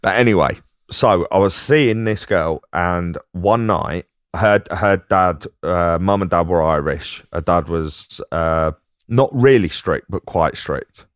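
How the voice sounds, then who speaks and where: A middle-aged man with a London Cockney accent, co-hosting a podcast, spins anecdotes and laughs along as he goes. His voice sits very low and is recorded close and dry. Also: slow, no echo. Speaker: podcast co-host. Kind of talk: casual chat, storytelling.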